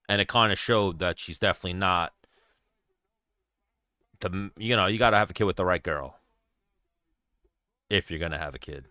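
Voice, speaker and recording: A man's voice: low voice, moderate pace, long pauses, pushed and bright, clear, resonant tone, dry recording, clean studio sound. A young adult man hosting a casual livestream chat, talking bluntly and profanely in a rambling way. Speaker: show host.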